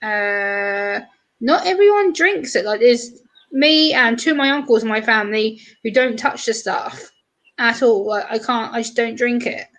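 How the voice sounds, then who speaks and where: A British woman with a fairly high voice hosts a casual livestream chat. She talks at an easy clip and slips into quick, bright little voices when she quotes her viewers. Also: fairly even intonation, low-quality recording. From Britain. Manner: chatty, acts out what others said in quick bright voices. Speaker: livestream host.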